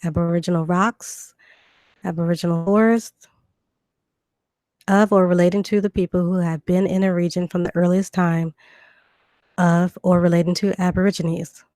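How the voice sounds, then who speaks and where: A Southern woman from Virginia with a bit of Georgia twang talks casually on her live stream, full of ums and restarts. Her voice sits low for a woman, recorded dry and close on a desk computer mic. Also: little pitch movement, moderate pace, pauses often, warm tone, no room sound. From Virginia and Georgia, USA. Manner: chatty, loose, many fillers and restarts. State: recovering from illness. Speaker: livestream host. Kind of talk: casual live stream talk, reading definitions.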